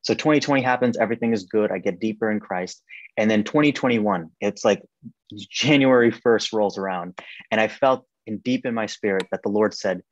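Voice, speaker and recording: A young man giving a personal faith testimony as a podcast guest in a casual, animated way, full of "like" and "um". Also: normal speed, no echo. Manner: animated, acts out quoted voices with sharp rises in pitch; casual, many "like" and "um" fillers. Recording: dry, slightly dull podcast recording.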